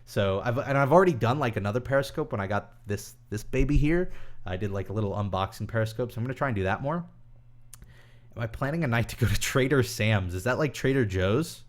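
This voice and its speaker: Here a young man chats his way through viewer questions on a relaxed live stream, reading each one aloud before rambling through a reply with plenty of pauses and fillers. His pitch is medium and his delivery expressive.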